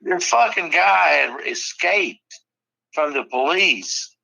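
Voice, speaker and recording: A man's voice: a little high, big pitch swings, slow pace, gravelly, sharp tone, no room sound, poor audio. A man in a casual podcast chat, telling rambling stories full of swearing. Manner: profane, rambling storyteller. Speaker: podcast guest or co-host.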